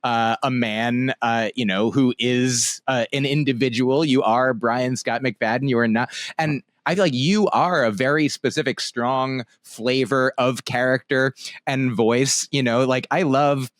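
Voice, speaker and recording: A man's voice: medium pitch, fairly even intonation, a little slow, dry recording, studio quality. A man, a comedian and guest co-host, chatting thoughtfully and hesitantly with many fillers. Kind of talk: casual chat.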